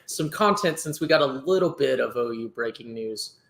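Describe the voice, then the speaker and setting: A man's voice: medium pitch, animated, creaky, a bit bright. Man on a podcast in an echoey room. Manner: measured, explanatory, with "uh" and "you know" fillers. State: tired after a long workday. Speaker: podcast co-host. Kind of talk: casual sports podcast chat. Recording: roomy echo.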